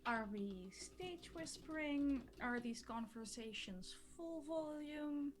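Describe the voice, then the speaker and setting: A woman's voice: sits high, expressive, slow. A woman running a tabletop horror game as game master, narrating the scene and checking in with the players.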